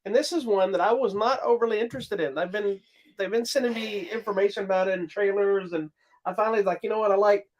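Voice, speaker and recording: A man's voice: high voice, fast talker, darkish tone, low-quality recording. A man co-hosting a movie review podcast in casual chat, rambling a little and restarting his sentences. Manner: rambling, with restarts, laughing often.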